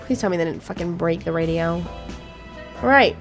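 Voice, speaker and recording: A woman with a gravelly, lowish voice speaks at a moderate pace. As a gaming YouTuber, she chats and reacts to a game, reading its text aloud and swearing without restraint, while faint game music runs behind.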